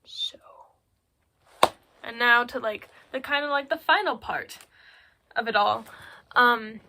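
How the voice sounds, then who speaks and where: A woman's voice: fairly high pitch, slow pace, bright, forceful tone. A teenage girl presenting a school project on a phone recording, retelling a story in a chatty, irreverent way full of filler words. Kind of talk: casual spoken recap in slangy storytelling.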